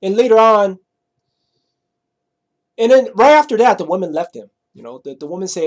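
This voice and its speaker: A man's voice: high-pitched, lively intonation, fairly quick. A man telling a story in a rambling monologue, casual and profane, always adding "right?" and "you know?". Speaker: vlogger.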